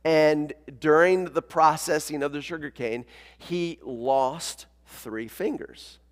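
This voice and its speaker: A man preaching a sermon as pastor, talking in a conversational, energetic way and calling on the congregation to join in. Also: a little high, slow, in a large hall. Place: church sanctuary.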